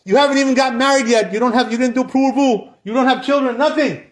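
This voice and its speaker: A man's voice: very high voice, quick pace, pitched above the performer's own voice. A man voicing a scheming male devil who badgers with incredulous questions.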